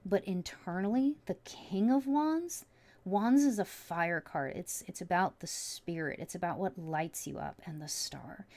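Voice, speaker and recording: Excitable woman giving a tarot reading. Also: fairly low pitch, unhurried. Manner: excitable, emotional, often trails off and restarts. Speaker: tarot reader. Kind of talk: casual tarot reading to viewers.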